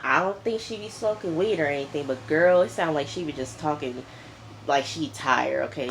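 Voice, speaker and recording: A woman casually recapping a reality show episode in an animated, chatty way, stressing her points with an emphatic "okay?". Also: low voice, normal speed, a little hiss or hum. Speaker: TV reviewer.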